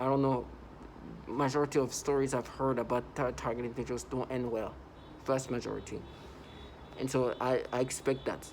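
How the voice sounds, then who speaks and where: In a rough recording with a little hiss or hum, a male vlogger with a medium-pitched voice delivers a first-person video monologue. He talks urgently and repetitively, filling the gaps between points with lots of "like."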